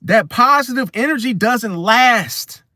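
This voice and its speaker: A man talking casually to camera as the host of an astrology video, rambling and slangy, restarting his sentences often. His voice sits fairly high for a man. The recording is dry and close, with no room sound. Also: expressive, slow, pushed and bright, dry recording.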